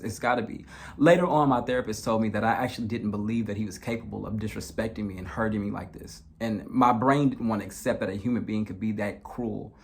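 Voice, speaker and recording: A man telling his own true story in a documentary, speaking earnestly and often repeating words and restarting when emotional. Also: mid-range voice. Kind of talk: personal true-crime storytelling.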